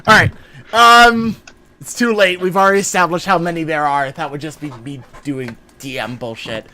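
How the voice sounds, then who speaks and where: A man with a bright, fairly high voice running a tabletop game as dungeon master. He narrates in a loose, joking way, cursing freely as he goes. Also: moderate pace.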